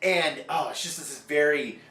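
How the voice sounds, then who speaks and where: A man's voice: on the high side, measured pace, reverberant, crowd noise. A man co-hosting a podcast in casual chat, eagerly recapping episodes and acting out lines from them. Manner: enthusiastic episode recaps with quoted voices. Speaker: podcast co-host.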